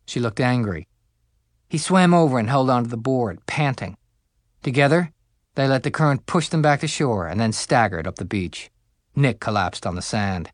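A man narrating a fantasy story aloud, expressive and pitching up for the characters' dialogue. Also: moderate pace, no room sound, studio quality. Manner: expressive, rising higher for the hero's dialogue. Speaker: audiobook narrator. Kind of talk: scripted narration.

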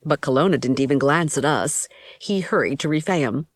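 A woman narrating an audiobook in the first person with an even storytelling delivery, on a close mic. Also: low-pitched, moderate pace, few pauses, no echo.

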